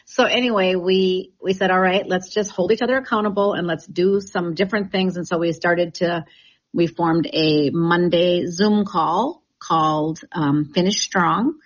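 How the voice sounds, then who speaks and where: A chatty woman talking on a radio interview, sounding enthusiastic and proud. Her voice sits fairly low for a woman. The recording has a dull, lo-fi radio sound. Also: a little slow. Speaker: real estate team leader.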